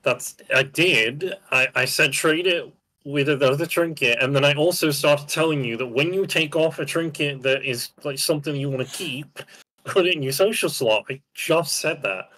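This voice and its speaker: A man's voice: fairly high pitch, normal speed, pushed and bright. A young man streaming a video game live, bossily instructing a teammate and swearing when frustrated. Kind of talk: live gameplay chat.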